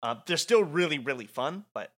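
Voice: mid-range voice, lively intonation, moderate pace, fairly bright tone. A podcast co-host chatting casually, enthusiastic, swearing and laughing. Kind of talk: casual chat.

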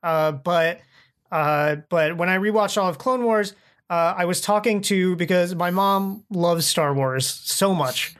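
A man's voice: high-pitched, a little slow, a bit bright, clean tone. A man chatting as a podcast guest, rambling and enthusiastic, often acting out what people said. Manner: rambling, enthusiastic, acts out quoted speech. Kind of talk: casual chat.

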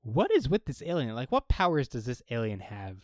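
A man's voice: medium pitch, a little fast, no room sound, studio quality. A man co-hosting a casual chat, recapping a TV episode and acting out the characters' lines. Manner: animated, acts out characters' lines. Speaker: podcast co-host.

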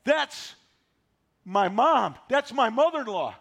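A man in his sixties preaching a sermon, folksy and animated, driving points home with repetition. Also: very high voice, slow, gravelly. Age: 60s. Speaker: pastor.

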